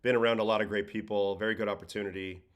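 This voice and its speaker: A man's voice: on the low side, rapid-fire. A tired man from Brooklyn with a faint New York-Boston accent, hosting a casual livestream chat and answering viewer questions aloud. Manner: relaxed, conversational, reads chat questions aloud. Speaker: livestream host, former pitcher.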